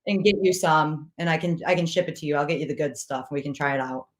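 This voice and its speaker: A woman's voice: deep voice, quick pace, crowd noise. A woman hosting a casual sports talk show, upbeat as she wraps up with promotions. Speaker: host.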